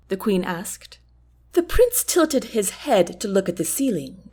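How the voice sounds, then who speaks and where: A woman narrating a novel chapter in a clear, even, storybook reading. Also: mid-range voice, unhurried. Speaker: audiobook narrator.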